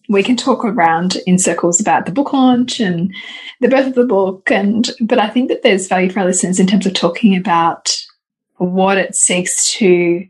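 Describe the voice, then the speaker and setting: A woman co-hosting a podcast, speaking effusively and gently steering the conversation with questions. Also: mid-range voice. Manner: enthusiastic, effusive, gently prompting. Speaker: podcast co-host.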